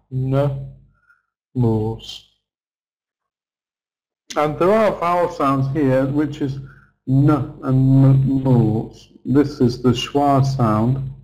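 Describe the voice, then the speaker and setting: In an online English pronunciation lesson, a middle-aged man patiently stretches words out to model their sounds. His voice is medium-pitched, and the recording quality is low.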